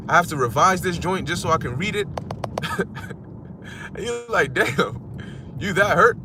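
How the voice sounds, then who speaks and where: A man's voice: a little high, sharp tone, dry recording. A man teaching scripture in a casual, slangy and blunt way, often checking in with his listeners. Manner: slangy, streetwise, blunt with occasional cursing. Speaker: preacher.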